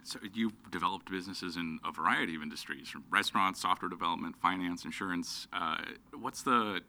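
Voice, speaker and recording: A man interviewing a guest, asking measured questions with some fillers. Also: low-pitched, pushed and bright.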